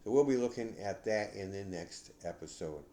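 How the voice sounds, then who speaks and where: An older man hosting a podcast, giving casual advice in a rambling, halting way with many restarts. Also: fairly low pitch, expressive, dark tone, roomy sound. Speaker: podcast host.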